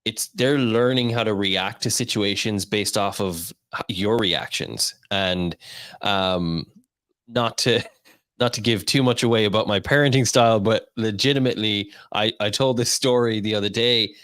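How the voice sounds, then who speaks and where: A man's voice: lowish voice, moderate pace, fairly bright tone, dry recording. Male interview host, resonant voice, dry sound, loose and rambling with lots of fillers. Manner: rambling with many fillers and laughs. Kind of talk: casual interview talk.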